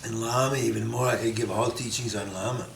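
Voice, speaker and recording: Laughing, animated man telling stories. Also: lowish voice, fast talker, creaky. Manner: animated storyteller, imitates sounds, laughs often. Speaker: Buddhist teacher telling stories. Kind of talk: storytelling talk with interpreter. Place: meditation centre hall. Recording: echoey hall, faint noise.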